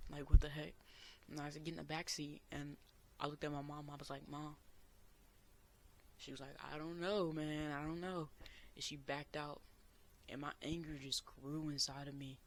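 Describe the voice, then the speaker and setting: A young man earnestly telling a personal story as a vlogger, sometimes bursting out loud. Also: on the high side, gravelly, slight background noise. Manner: earnest, emotional retelling with loud outbursts.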